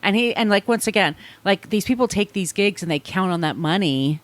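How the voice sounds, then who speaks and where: A woman co-hosting a casual podcast, chatting and reading a statement aloud, with profane asides and quick apologies. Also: mid-range voice, animated, no room sound. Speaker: podcast co-host.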